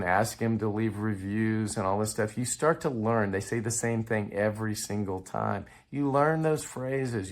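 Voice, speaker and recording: Low-voiced man coaching language learners. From Texas. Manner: conversational, with restarts and chuckles. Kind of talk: casual explanatory talk to camera.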